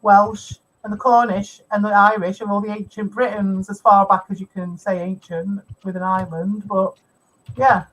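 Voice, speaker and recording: A woman's voice: mid-range voice, little pitch movement, moderate pace, rough recording. A woman co-hosting a podcast, who chats bluntly and opinionatedly while reacting to old TV shows. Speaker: podcast co-host. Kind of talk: casual chat reacting to old TV.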